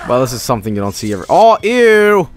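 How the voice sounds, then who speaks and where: A male streamer giving excitable live commentary on a game, laughing and shouting exclamations. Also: fairly low pitch, racing, soft background music.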